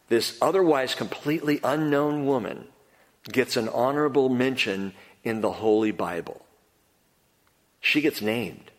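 A man's voice: medium pitch, long reverb tail. A man preaching a sermon, working through scripture with an emphatic delivery and repeated key phrases. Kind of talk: expository sermon.

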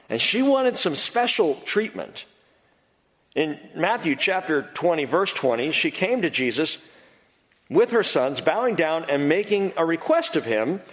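An emphatic male preacher whose voice swings up and down with lively, animated pitch, sitting a touch above the usual range for a man. He hammers home his points by repeating them, and his words trail off in a long reverb, as in a large sanctuary. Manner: emphatic, repeats key phrases. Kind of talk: expository sermon.

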